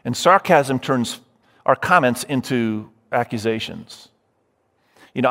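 A man's voice: medium pitch, a bit bright. A man preaching a sermon as pastor, emphatic, running through lists and speaking straight to his listeners. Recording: long hall reverb.

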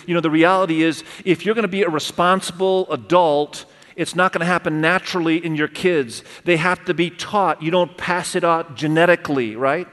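Middle-aged male pastor, sermon, fairly high voice, long hall reverb, animated, addresses the room. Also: normal speed. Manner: animated, talks straight to the congregation with questions. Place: church auditorium.

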